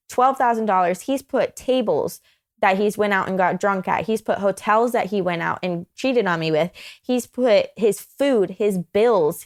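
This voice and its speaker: A young woman guest on a podcast, telling a personal story casually in an animated, rambling way, full of asides. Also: mid-range voice.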